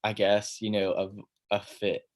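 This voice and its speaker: Brief: young male guest, lowish voice, chatty, breaks into laughter as he tells stories. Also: completely flat delivery, measured pace. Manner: laughs often while telling a story. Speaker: guest, voice actor. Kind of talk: casual chat on a livestream.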